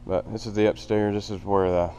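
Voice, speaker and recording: Low-voiced man touring an old factory. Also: little pitch movement, fairly quick, warm tone, dull audio, a little hiss or hum. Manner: rambling, plainspoken, with fillers. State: out of breath. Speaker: vlogger touring a building. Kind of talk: casual walkthrough narration. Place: large empty old factory, indoors.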